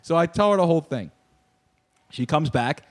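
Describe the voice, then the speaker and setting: A young man hosting a podcast, telling a story in casual sports-talk banter, animated, riffing and ranting with laughs. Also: a little high, normal speed. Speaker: podcast host.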